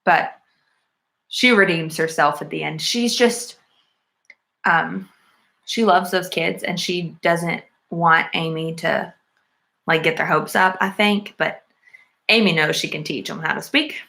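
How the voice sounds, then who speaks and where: A woman's voice: on the low side, takes it slowly, creaky, long pauses, sharp tone. A woman recapping a film in a casual, chatty way, full of "like" and "um", earnest about the story. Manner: chatty, lots of "like" and "um" fillers. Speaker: movie reviewer. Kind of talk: casual plot retelling.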